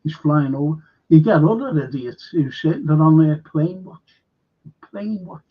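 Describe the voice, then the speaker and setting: The host, an older man from Liverpool, talks at a normal speed in a husky, slightly high voice, rambling and cursing bluntly through a live football chat. The stream audio is dull and lo-fi.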